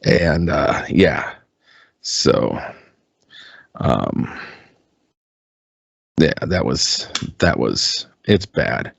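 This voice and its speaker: A man's voice: extremely low pitch, very animated, drawn-out words, creaky, long pauses, no room sound. A man co-hosting a podcast, chatting casually and rambling with lots of ums and restarts, swearing freely. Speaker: podcast co-host. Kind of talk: casual chat.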